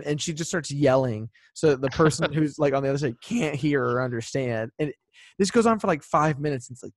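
A man's voice: a little high, normal speed, dry recording, studio quality. A man co-hosting a podcast, telling stories in casual chat and acting out the people he quotes. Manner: animated storytelling, acts out quoted voices. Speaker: podcast co-host.

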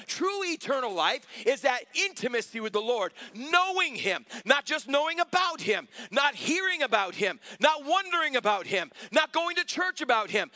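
A male pastor preaching a sermon, calling for responses from the congregation and rising to shouts. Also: very high-pitched, no room sound.

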